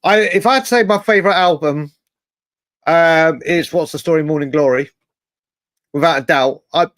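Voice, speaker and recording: A man's voice: fairly high pitch, moderate pace, a bit bright, no echo, clean studio sound. A man co-hosting a casual football chat show, rambling with lots of restarts and the odd swear word. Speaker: podcast co-host.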